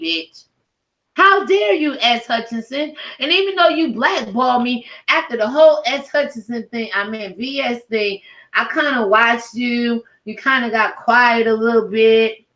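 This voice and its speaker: Woman, higher voice, YouTube commentator, angry profane rant, emphatic delivery. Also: normal speed, a bit bright, poor audio.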